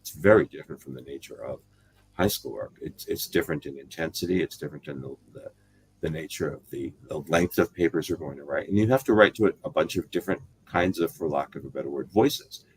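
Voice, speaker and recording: A middle-aged man from the United States, bass-voiced and quick-paced, rambles thoughtfully as a casual interview guest, regularly correcting himself. A little hiss or hum sits under the audio.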